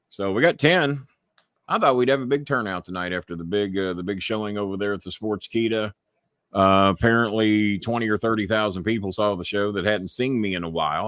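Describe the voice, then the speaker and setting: A man's voice: fairly low pitch, fairly bright tone, no room sound, studio quality. A man hosting a live podcast stream in casual chat, talking bluntly and swearing freely as he rambles. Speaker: podcast host.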